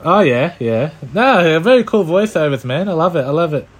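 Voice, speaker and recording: A man's voice: a little high, very animated, moderate pace, husky. Give me a laid-back man hosting. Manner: laid-back, encouraging, laughs often. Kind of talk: casual chat.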